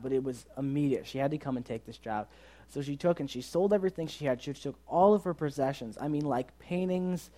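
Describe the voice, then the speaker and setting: A young man leading a youth ministry, telling a story in a sermon and acting out the voices of the people in it. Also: on the high side. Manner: animated, acts out quoted dialogue in the story.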